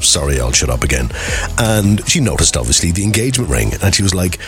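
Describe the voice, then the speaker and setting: Wry male radio host, swooping pitch. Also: sing-song, fast, a bit bright, soft background music. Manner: wry, cynical storytelling. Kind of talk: casual radio chat.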